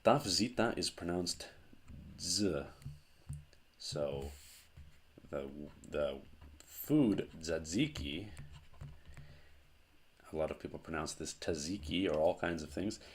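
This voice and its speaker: A man teaching a language lesson at a board, explaining slowly with pauses and restarts. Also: very deep voice, lively intonation, a little hiss or hum. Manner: slow, halting explanations with fillers and restarts. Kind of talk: whiteboard lesson.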